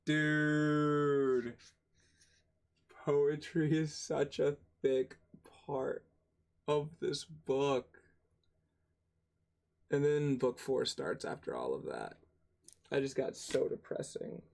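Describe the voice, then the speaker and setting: A young man reads a textbook aloud at a slow, unhurried pace, his voice sitting at an ordinary middle pitch. He trips over unfamiliar terms, spells them out letter by letter, and breaks off into grumbling, cursing asides. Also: lively intonation, vocal fry, darkish tone. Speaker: channel host reading a book aloud. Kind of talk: casual read-aloud with asides.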